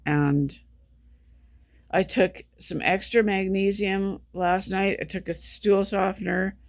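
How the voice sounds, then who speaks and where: A medium-pitched vlogger with fairly even intonation takes their time in a casual monologue. They sound drained, sleep-deprived and sick, rambling, repeating points and starting sentences over repeatedly. The recording is dry and clean studio sound.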